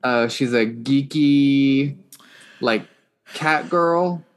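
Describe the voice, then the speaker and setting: A man's voice: medium pitch, extremely slow, clear, resonant tone. Easygoing man leading a casual review chat. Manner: easygoing, leads the segments. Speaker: podcast host.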